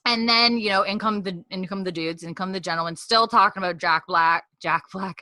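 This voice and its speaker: Podcast co-host, young woman, chatty recapper who acts out lines; bright tone. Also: medium pitch, brisk, no room sound. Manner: chatty retelling, acting out characters' lines. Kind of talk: casual podcast chat.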